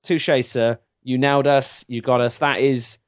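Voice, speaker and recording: An English man co-hosts a casual podcast, chatting in a lively, quick way. His voice sits at a middling pitch. The recording is close and dry. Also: clean tone, no room sound. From England. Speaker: podcast co-host. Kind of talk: casual chat.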